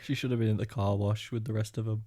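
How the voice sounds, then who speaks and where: A man's voice: fairly low pitch, little pitch movement, fast talker, warm tone. A man co-hosting a comedy podcast, teasing his co-host with short prompts and quips. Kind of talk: casual podcast banter.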